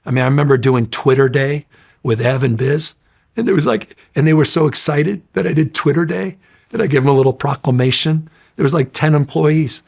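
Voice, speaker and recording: A middle-aged man telling stories in a casual interview, energetic, rambling and profane. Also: fairly high pitch, fairly quick, creaky, slightly rough. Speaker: interview guest.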